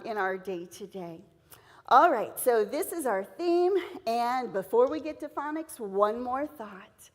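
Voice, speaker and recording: A middle-aged woman giving an earnest, encouraging devotional talk to teachers at a seminar, telling a personal story. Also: on the high side. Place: church hall. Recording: long hall reverb in a church.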